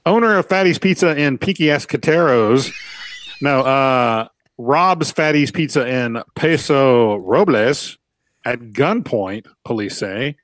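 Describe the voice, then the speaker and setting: A man's voice: medium pitch, expressive, unhurried, fairly bright tone. A man co-hosting a comedic news podcast, chiming in with wry remarks and stumbling over names. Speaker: podcast co-host.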